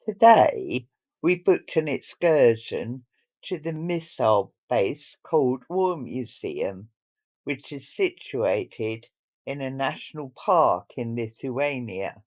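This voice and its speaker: A man narrates a cruise travel vlog in an unhurried, measured voice-over with a lively rise and fall in pitch. The sound is slightly dull and lo-fi.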